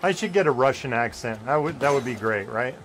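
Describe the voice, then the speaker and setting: A young man streaming a game live, chatting casually with viewers and yelping and shouting when plays get close. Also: medium pitch, a little fast, a little hiss or hum. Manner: excitable, yelps and shouts at close plays, joking with chat. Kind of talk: casual live gameplay commentary.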